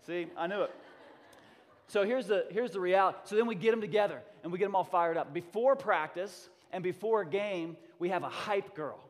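A man preaching a sermon in a church, an energetic storyteller who mixes jokes into his message. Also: sits high, fairly quick. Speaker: pastor. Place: church sanctuary. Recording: long reverb of a church hall.

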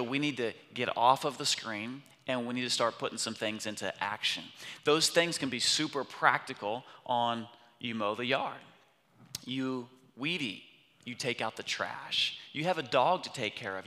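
A man preaching a sermon, telling a family story in an animated way and acting out the quotes of the people in it. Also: medium pitch, moderate pace, long reverb tail. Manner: animated, acts out quotes of his son.

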